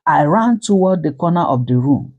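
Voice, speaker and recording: A woman narrating a dramatic first-person story with slow, emotional delivery. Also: low-pitched, lively intonation, a little mellow, husky, lo-fi sound.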